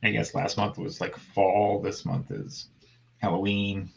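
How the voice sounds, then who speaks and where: A man's voice: on the low side, flat delivery, unhurried, creaky, poor audio. A man in his thirties in casual chat as a co-host, laid-back and rambling, with dry sarcasm. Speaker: podcast co-host.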